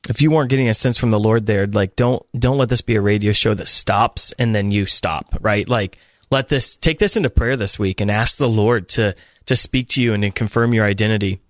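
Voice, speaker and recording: A man's voice: on the low side, fairly quick, no room sound, clean studio sound. Encouraging male radio host. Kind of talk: conversational faith talk.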